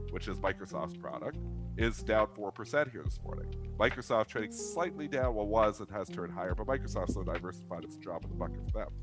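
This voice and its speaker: A man with a stuffed-up nasal voice from a cold giving brisk live stock market commentary. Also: on the low side. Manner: brisk analytical delivery, addresses viewers as folks.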